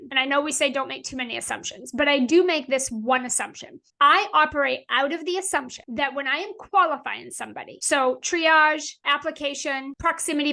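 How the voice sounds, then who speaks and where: A woman's voice: high voice, vocal fry, pushed and bright. A woman sales coach hosting a solo podcast, talking directly and emphatically, repeating her points.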